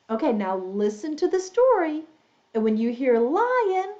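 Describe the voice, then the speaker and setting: Her voice a little high and darkish, with big swings in pitch, a woman tells a story to young English learners. She uses slow, exaggerated, playful teacher talk and makes animal sound effects. The audio is dull.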